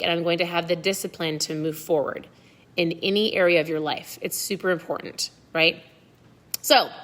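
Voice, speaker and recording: A woman's voice: fairly low pitch, a bit bright. A middle-aged woman hosting a book club in a casual live chat, talking straight to her viewers and often asking "right?". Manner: chatty, frequently asks "right?", addresses viewers directly.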